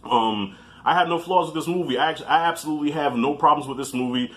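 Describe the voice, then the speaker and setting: A man in his thirties giving a casual, animated film review in slangy talk, laughing easily. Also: on the high side, quick pace.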